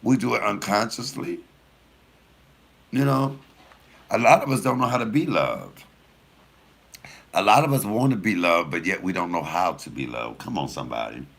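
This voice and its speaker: Male comedian, low gravelly voice, bright edge, casual storytelling, talks to viewers. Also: normal speed, pauses often. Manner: animated, profane, laughing storyteller; addresses viewers directly.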